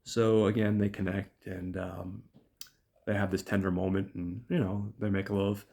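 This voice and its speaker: A man's voice: sits low, little pitch movement, a little slow, warm tone. A man hosting a podcast, casually recapping a film's plot in a chatty, profane way and calling his listeners guys. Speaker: podcast host.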